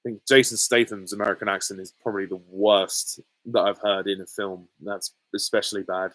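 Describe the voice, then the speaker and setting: A young man in his twenties chats through viewer questions on a live stream, with a lowish voice. He talks in an easygoing, halting way, full of ums and small laughs. The sound is dry and close. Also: level tone, dry recording, poor audio. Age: 20s. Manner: easygoing, hesitant with frequent ums and soft laughs. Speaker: YouTuber answering viewer questions. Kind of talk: casual live Q&A reading chat comments.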